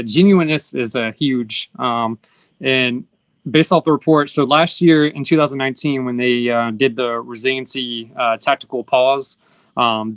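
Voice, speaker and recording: A man's voice: mid-range voice, fairly bright tone, no room sound. A male host explaining his points earnestly, acting out short example lines along the way. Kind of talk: interview conversation.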